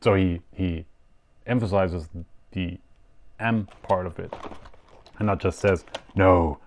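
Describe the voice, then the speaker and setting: A man's voice: sits low, takes it slowly, a little mellow, a little hiss or hum. A man with a German accent hosting a yo-yo show, rambling and self-mocking through a live unboxing. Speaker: yo-yo show host.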